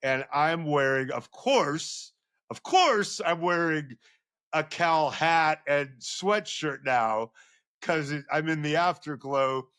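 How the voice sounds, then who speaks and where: A middle-aged man, a sports journalist and podcast guest, telling a long story with rising excitement. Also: slow pace, smooth, no echo, clean studio sound. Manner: excitable, voice climbs high when reliving moments. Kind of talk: animated storytelling.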